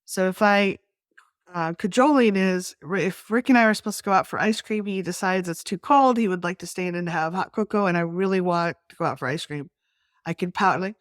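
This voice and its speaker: A middle-aged woman co-hosting a skills workshop explains ideas in casual talk, acting out quoted voices and restarting often. Her voice is lowish and brisk. The studio-quality recording has no echo.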